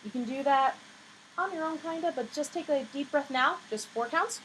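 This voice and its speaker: A woman's voice: sits high, moderate pace, a bit bright. A woman voice teacher giving a singing lesson in a patient, coaching way, her voice a little scratchy. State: slightly scratchy voice.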